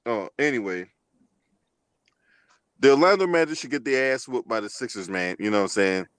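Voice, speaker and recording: A man's voice: medium pitch, expressive, normal speed, fairly bright tone, smooth, no echo. A man hosting a casual sports chat, loose and slangy, swearing freely. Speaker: podcast host.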